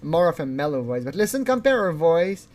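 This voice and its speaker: A man's voice: a little high, very animated, brisk, a little mellow. Chuckling man giving rambling commentary. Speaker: channel host. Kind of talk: casual video commentary.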